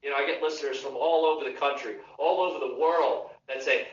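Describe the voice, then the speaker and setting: A man's voice: mid-range voice, lively intonation, a little fast, few pauses. A man hosting a live podcast, ranting casually about politics with swearing and repeated restarts. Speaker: podcast host. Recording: muffled, echoey audio heard from a distance.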